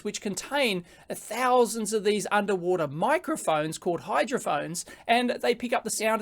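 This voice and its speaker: An Australian man giving an animated classroom presentation to high school students, joking and going off on tangents. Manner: animated, jokey, prone to tangents.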